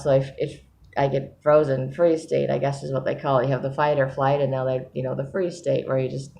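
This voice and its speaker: A woman's voice: a bass voice, little pitch movement, brisk, gravelly, mellow, a little hiss or hum. A woman talking in a casual diary vlog, sleepy and yawning, rambling and self-deprecating with frequent laughs. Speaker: vlogger.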